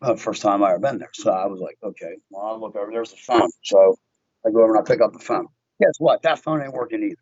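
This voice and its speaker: Man guest recounting a story with lively acted-out quotes; dry, dull-sounding podcast audio. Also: fairly low pitch, quick pace, no room sound. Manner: animated storyteller acting out his own quotes. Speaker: guest, window tint shop owner. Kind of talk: casual storytelling chat.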